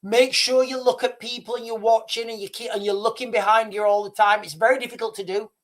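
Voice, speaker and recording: A man's voice: sits high, steady tone, fast talker, fairly bright tone. Rambling man livestreaming. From Britain. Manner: rambling, restarts, chuckles at himself. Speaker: livestream host. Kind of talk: casual live-stream monologue.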